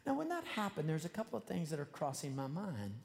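A man with a somewhat high voice delivers a sermon in a conversational, earnest way, now and then speeding up for animated asides. His voice carries a long reverb from a large hall where he speaks before a congregation. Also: fast talker, creaky. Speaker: preacher.

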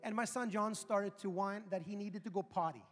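A pastor in his forties telling a funny story in a sermon, animated and building to loud emphasis. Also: high voice, moderate pace. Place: large church auditorium. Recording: reverberant hall with faint music.

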